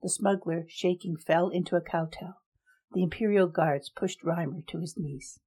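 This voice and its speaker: A woman narrating a story in a steady, even reading. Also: lowish voice, moderate pace, slightly rough.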